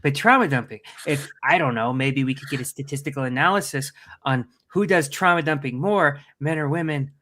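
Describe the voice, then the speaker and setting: A man with an average-pitched voice co-hosts a casual podcast. He is sarcastic and swears freely. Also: brisk, pushed and bright. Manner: sarcastic, profane. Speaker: podcast co-host.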